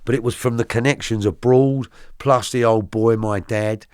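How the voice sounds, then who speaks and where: A middle-aged man recounting his arrest in colloquial, vivid storytelling, now and then shouting out the quoted lines. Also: mid-range voice, fairly even intonation, normal speed, smooth, no echo, clean studio sound. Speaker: guest. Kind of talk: true crime storytelling.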